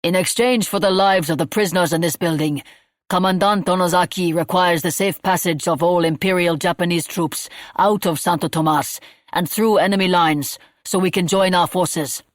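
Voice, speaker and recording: A woman's voice: on the low side, fairly even intonation, moderate pace, no room sound, studio quality, lightly acted. A woman voicing a stern male military officer who reads out a formal, commanding announcement in an audiobook.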